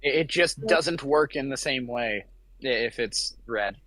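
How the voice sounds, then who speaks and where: A man's voice: mid-range voice, a little slow, a bit bright. A man in a writers' group chatting casually, stammering as he begins his sentences. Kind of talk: casual feedback chat.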